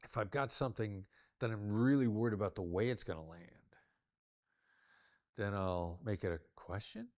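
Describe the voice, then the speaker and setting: Older male negotiation expert, low voice, plays with his tone to show each point. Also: moderate pace, pauses often, a little mellow, no room sound, clean studio sound. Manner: demonstrative, varies tone to illustrate points. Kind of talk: interview conversation.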